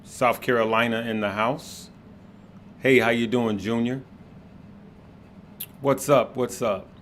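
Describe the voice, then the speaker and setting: A middle-aged man hosting a casual livestream, greeting viewers by name in a relaxed, heartfelt way. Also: medium pitch, slow pace, a little hiss or hum. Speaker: livestream host.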